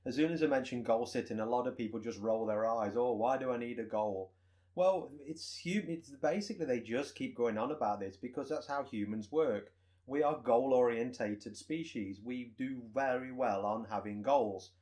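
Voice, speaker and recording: A man, a personal trainer co-hosting a podcast, explaining goals with everyday examples in relaxed chat. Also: mid-range voice, normal speed.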